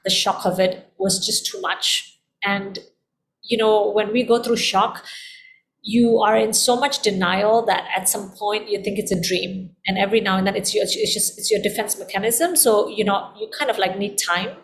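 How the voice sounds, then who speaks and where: A woman's voice: medium pitch, moderate pace, slight background noise. A middle-aged woman, a guest in a conversation, telling a personal story in an earnest, heartfelt way and repeating phrases for emphasis.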